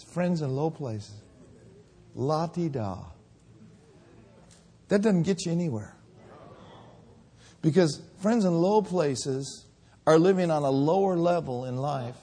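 A male preacher with a lively, swooping voice that climbs into shouts as he exhorts the congregation. He talks slowly and spaces out his phrases between stories. His pitch sits a little high for a man. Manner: storytelling, rising to shouted exhortation. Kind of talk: sermon.

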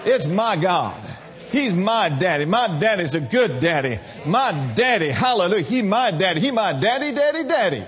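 A middle-aged male preacher delivering an exuberant sermon, shouting praise and then dropping to hushed tones. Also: sits high, very animated, normal speed.

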